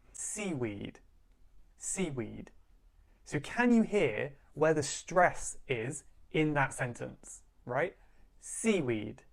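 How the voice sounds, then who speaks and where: A woman teaching English pronunciation in a played video clip, saying words slowly and repeating them. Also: sits low.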